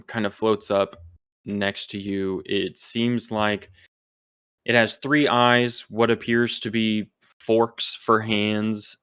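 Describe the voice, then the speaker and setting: A man narrating as game master, slow and descriptive with occasional fillers. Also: fairly low pitch, a bit bright, clear, resonant tone, no room sound.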